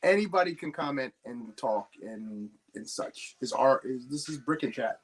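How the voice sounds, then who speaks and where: Young male stream host from New Jersey, mid-pitched, easygoing and anecdotal, talks to viewers as he builds. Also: expressive, moderate pace. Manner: rambling anecdotal storyteller, chats with viewers. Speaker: livestream host. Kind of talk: casual chat while building.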